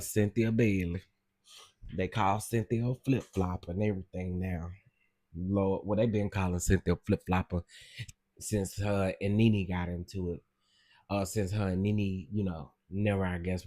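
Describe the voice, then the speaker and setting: A man's voice: low voice, dark tone. A man hosting a casual livestream, gossiping animatedly and exclaiming straight to his viewers. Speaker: livestream host.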